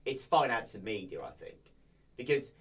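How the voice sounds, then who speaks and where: A young adult man from England appears as a podcast guest, chatting casually. He's animated and jokey, deliberately amping up his energy.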